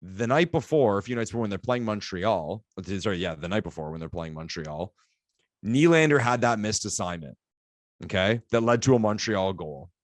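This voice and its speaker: Excitable man on a dry mic. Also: on the low side, normal speed, no echo. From Canada. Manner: excitable, animated storytelling with laughs. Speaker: podcast co-host. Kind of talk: casual sports podcast chat.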